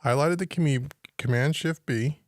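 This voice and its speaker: During a live-stream walkthrough of home recording software, a man with a fairly high voice talks at normal speed. He reasons through his work out loud and puzzles over his screen, with a dry recording from his home studio.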